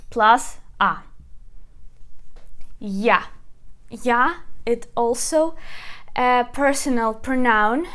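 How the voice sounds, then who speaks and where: A woman with a Ukrainian accent teaching a language lesson, speaking slowly and patiently, repeating words for learners at a whiteboard. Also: fairly high pitch. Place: classroom with a whiteboard.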